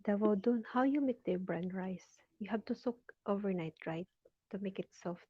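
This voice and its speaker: A woman's voice: medium pitch, normal speed, breathy edge, no room sound. A woman from the Philippines hosting a casual live stream, reading out viewers' comments and greeting them by name, with frequent laughter. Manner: chatty, laughs often, reads viewer names aloud. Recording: dull lo-fi sound.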